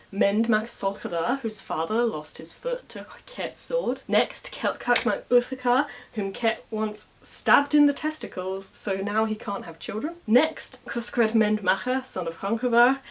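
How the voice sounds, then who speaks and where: A woman's voice: medium pitch, expressive, moderate pace. A woman casually retelling a medieval story with wry, irreverent asides in modern slang.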